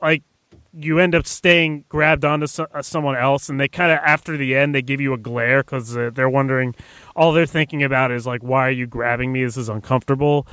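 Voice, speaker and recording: A man's voice: medium pitch, fairly even intonation, brisk, pushed and bright, clean tone, dry recording. A man co-hosting a casual sports podcast, breaking down plays in an analytical way and often hedging with "I mean". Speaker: co-host and editor.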